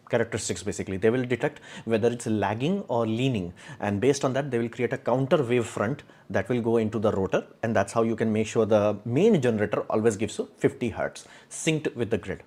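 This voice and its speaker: A man's voice: lowish voice, darkish tone. A young man hosting a casual live stream, answering chat questions in a rambling, opinionated way with many fillers and restarts. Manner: opinionated, explains engineering in plain terms. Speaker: livestream host.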